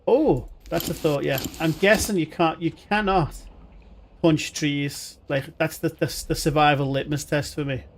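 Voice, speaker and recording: A man's voice: on the high side, fairly even intonation, measured pace, a little hiss or hum. A man giving chatty, rambling live commentary on a game he is playing, with jokey asides. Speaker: streamer.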